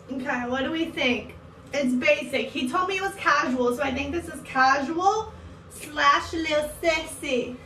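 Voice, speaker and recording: A woman's voice: high-pitched, a little slow, pushed and bright, slight background noise. A young woman in her twenties chatting casually to camera for her vlog, bubbly and full of "like". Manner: chatty, bubbly, says "like" a lot. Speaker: vlogger. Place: home and car.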